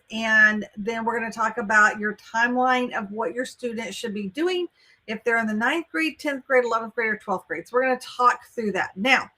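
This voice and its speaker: A chatty Texan woman leading a live online workshop, upbeat and friendly with viewers. Her voice sits a little high and rings bright and clear. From Texas. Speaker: college admissions coach hosting a livestream. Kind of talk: live webinar talk.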